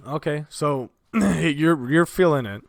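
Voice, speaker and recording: A man's voice: a little high, takes it slowly, vocal fry, no echo. Laid-back male dungeon master with a dry sound. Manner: loose, laughing narration with lots of "like". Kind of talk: narrating a tabletop game.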